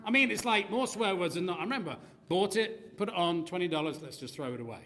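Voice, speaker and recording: Lively preacher, bright and animated. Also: male voice, high voice, quick pace, slight background noise. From Australia. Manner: animated, joking asides, sound effects. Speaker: pastor. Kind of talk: sermon.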